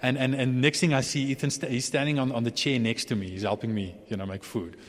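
A man preaching a sermon in a relaxed, chatty way, often restarting and chuckling. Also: mid-range voice, fast talker. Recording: long hall reverb.

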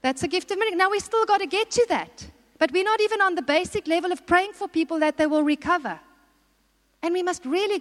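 A woman preaching a sermon, exhorting and putting questions to the congregation. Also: very high voice. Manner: exhorting, asks the audience questions. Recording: long hall reverb.

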